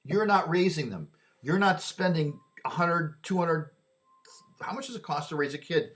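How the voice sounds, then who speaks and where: A man's voice: fairly high pitch, expressive, normal speed, a bit bright. A man delivering a rambling opinion monologue, often repeating and restarting his words.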